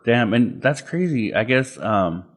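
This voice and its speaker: A young man co-hosting a podcast, talking in a loose, profane, animated way and acting out what others said. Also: mid-range voice, unhurried, slightly rough. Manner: loose, profane, animated retelling with quoted voices. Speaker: podcast co-host. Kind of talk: casual chat.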